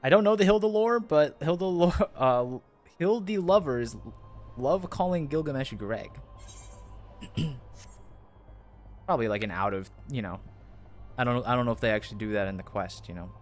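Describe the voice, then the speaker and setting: A man's voice: mid-range voice, lively intonation, moderate pace, pauses often, soft background music. A man chatting casually to his viewers while playing a game live. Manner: chatty, rambling, talks to chat. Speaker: streamer. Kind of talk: casual live gameplay chat.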